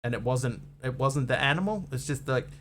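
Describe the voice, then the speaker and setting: A man's voice: medium pitch, animated, brisk, a bit bright, slight background noise. A man who grew up in Australia, speaking with an Australian accent, chatting casually on a live game stream, reading chat and trivia with playful puns.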